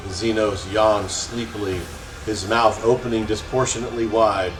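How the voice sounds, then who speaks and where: A man's voice: on the low side, fairly even intonation, normal speed. A man hosting a let's play, casually reading game text aloud with his own asides. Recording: roomy echo, faint music.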